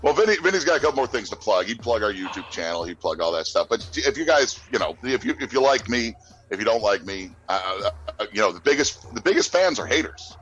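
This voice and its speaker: Animated, rambling man guest. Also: lowish voice, brisk, faint music behind, low-quality recording. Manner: rambling, crude, laughs often. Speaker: podcast guest. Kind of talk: casual podcast chat.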